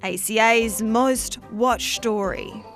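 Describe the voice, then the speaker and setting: A woman reading scripted current-affairs narration in a lively, wry manner. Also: on the high side, slow. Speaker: news narrator. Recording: music bed under voice-over.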